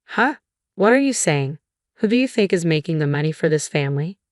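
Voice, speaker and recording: A woman's voice: sits low, animated, brisk, no room sound, studio quality. A woman voicing a bossy, insulting husband. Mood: scornful. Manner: yelling, contemptuous.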